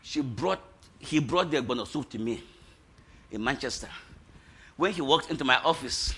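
A middle-aged man, a pastor giving an animated testimony sermon, shouting at its high points and laughing between lines. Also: moderate pace, breathy edge.

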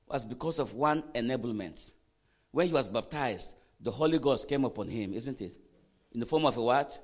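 A man preaching a sermon, quizzing the congregation with questions and swinging from quiet asides to loud emphatic bursts. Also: mid-range voice, fairly quick. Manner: animated preaching, call-and-response questions to the congregation. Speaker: pastor.

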